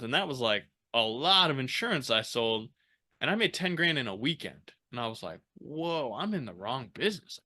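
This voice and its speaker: A podcast guest with a mid-range voice shares a story from his own life, animated and casual. He swears without restraint and impersonates the people he's quoting.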